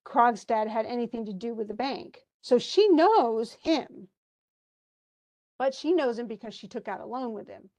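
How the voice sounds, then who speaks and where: A woman's voice: on the high side, animated, measured pace, darkish tone. A woman teaching a play, reading passages aloud and stopping in a casual, conversational way to explain what the characters mean. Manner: conversational, stops to explain lines. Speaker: literature teacher.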